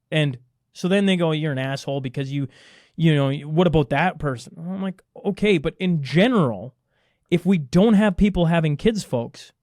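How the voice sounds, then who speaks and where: A middle-aged man talks as a guest in a casual interview, fired up and emphatic. He keeps asking rhetorical questions and answering them himself. His voice sits a little high, and the sound is dry with no room echo. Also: a little mellow. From Canada. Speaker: podcast guest.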